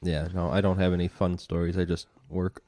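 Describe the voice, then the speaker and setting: Deep, tired co-host with short dry answers, close and dry mic. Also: male voice, flat delivery, fairly quick, dark tone, dry recording. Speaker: podcast co-host. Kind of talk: casual chat.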